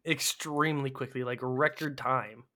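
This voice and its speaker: A man's voice: medium pitch, fairly even intonation, normal speed, sharp tone. A man co-hosting a casual podcast, retelling scenes with swearing and playful impressions of the characters. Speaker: podcast co-host.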